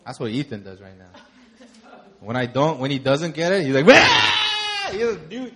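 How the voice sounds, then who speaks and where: A young adult man preaching a sermon, talking conversationally, with animated storytelling and laughter. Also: mid-range voice, a little fast, husky. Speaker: pastor.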